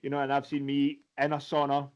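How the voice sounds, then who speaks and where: A man's voice: mid-range voice, completely flat delivery, brisk, a little mellow. A man hosting a podcast, chatting in a rambling way with casual swearing and fillers. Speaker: podcast host. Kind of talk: casual chat. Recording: slightly dull lo-fi sound.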